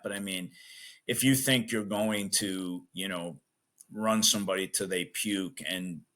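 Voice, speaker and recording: Coach guy telling stories, keeps laughing, kinda low but bright tone. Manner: animated, laughs often, emphatic asides. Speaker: weightlifting coach. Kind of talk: casual storytelling interview. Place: Chicago, USA.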